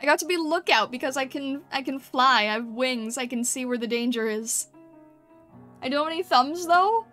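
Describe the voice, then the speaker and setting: A woman's voice: high voice, normal speed, bright, forceful tone, soft background music. A woman streamer chatting casually with her chat and thinking aloud while she paints over and critiques thumbnails.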